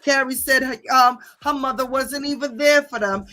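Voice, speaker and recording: Woman, bright forceful voice, fairly high, cursing rant, faint music behind. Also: normal speed. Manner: profane, confrontational, repeats "okay?" and "bitch". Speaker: livestream host. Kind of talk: heated livestream rant reading viewer comments.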